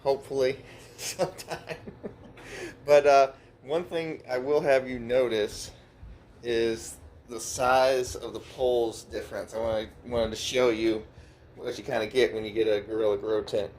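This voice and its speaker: A grow channel host narrates a casual vlog from his indoor grow tent, talking loosely, swearing freely and laughing often. His mid-range voice is steady, a little mellow and at normal speed, with a little hiss or hum in the recording.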